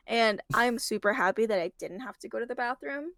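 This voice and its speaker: A woman chatting casually as a guest, animated and giggly as she retells things. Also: fairly high pitch, fairly quick, no echo, studio quality. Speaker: guest reviewer. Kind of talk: casual chat.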